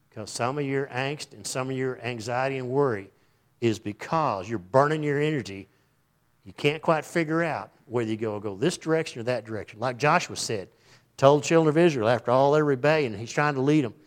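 A man preaching a sermon as pastor, animated, breaking into quoted voices and joking asides. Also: mid-range voice, brisk.

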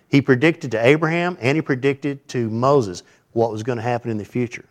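A man preaching a conversational sermon, teaching through a scripture passage with asides and big swings between loud emphasis and quiet remarks. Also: mid-range voice, normal speed. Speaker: pastor.

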